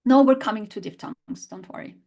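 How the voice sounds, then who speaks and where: A language teacher with a medium-pitched, gravelly yet mellow voice leads a live online lesson at a brisk pace. She reads student answers aloud and demonstrates sounds by repeating them for learners to copy.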